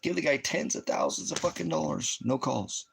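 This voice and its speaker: A man's voice: on the high side, expressive, moderate pace, vocal fry, a little hiss or hum. A man in his fifties from the United States, talking at home in a loose, swearing, rambling monologue. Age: 50s. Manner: profane, ranting, loose and rambling. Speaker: channel host.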